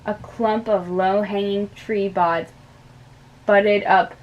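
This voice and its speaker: Woman, spooky story narration, very slow pace, medium pitch, measured. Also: steady tone, dull audio.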